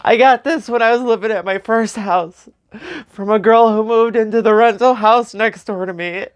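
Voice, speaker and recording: A young woman speaking slowly and tearfully in a personal memorial vlog, with soft nervous laughs. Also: fairly high pitch, clear, resonant tone. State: crying. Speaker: vlogger.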